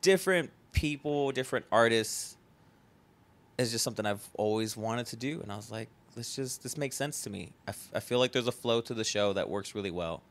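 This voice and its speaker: A man's voice: mid-range voice, brisk. A young man, a festival founder, talking casually on a podcast in a rambling way full of fillers and the odd swear.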